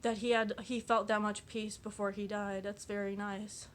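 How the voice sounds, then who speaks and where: A woman's voice: medium pitch, little pitch movement, normal speed, slight background noise. A woman vlogging casually, reading quotes aloud and reacting to them in a rambling, chatty way, full of fillers and restarts, often giggling at herself. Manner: giggly and self-deprecating.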